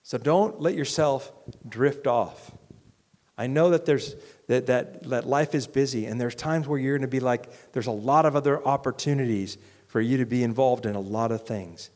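A man preaching a sermon as pastor, earnest and conversational, swinging from loud urging to quiet reflection. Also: mid-range voice, normal speed. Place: church hall. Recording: long reverb of a large church hall.

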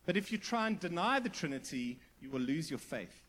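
A man's voice: a little high, very animated, a little fast, slight background noise. A male pastor preaching a sermon with emphatic repetition, often asking the congregation questions. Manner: emphatic, rising to near-shouted repetition.

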